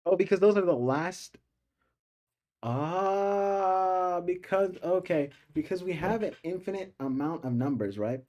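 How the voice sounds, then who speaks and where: A young man streams himself studying calculus, talking to his viewers in a loose, casual way. His voice is mellow and dark. He repeats his questions aloud, working through each step until it makes sense. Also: high voice, expressive, measured pace.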